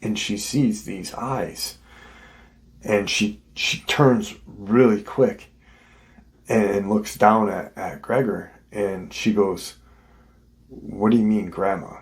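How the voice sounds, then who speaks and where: A man's voice: fairly low pitch, fairly even intonation, slow. A man hosting his show, casually retelling a witness's story in a conversational way. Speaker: host.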